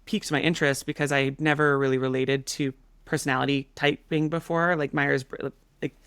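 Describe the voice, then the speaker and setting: A woman in her thirties, a podcast guest, telling a story in a casual, animated way with many fillers. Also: a bass voice, fairly quick, clear, resonant tone, no room sound. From Canada.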